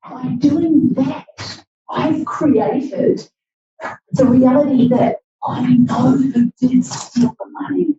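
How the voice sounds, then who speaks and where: Brief: woman, higher voice, slow-paced speaking coach, echoey room, mic far off. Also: steady tone, mellow, slight background noise. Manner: slow, deliberate, demonstrative delivery. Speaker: public speaking presenter. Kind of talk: workshop presentation. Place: library meeting room. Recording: echoey, distant, dull audio.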